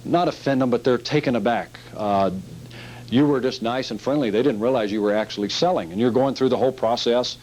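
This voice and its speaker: A man's voice: medium pitch, a little fast, a little mellow, a little hiss or hum, poor audio. Emphatic man giving a sales training talk. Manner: emphatic and repetitive, acting out scenes.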